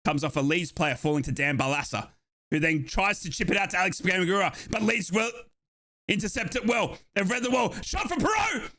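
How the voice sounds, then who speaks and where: A man hosting a live match watchalong, calling the play and breaking into excited shouts at big moments. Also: high voice, brisk. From Australia. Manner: excitable, bursts into shouting at goals. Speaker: watchalong host.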